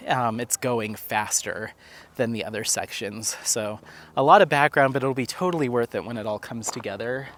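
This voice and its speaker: Walking outdoors, a man films his crafting vlog, talking in a loose, filler-laden ramble and calling to his dog in a raised, playful way. His pitch is medium and his tone fairly bright.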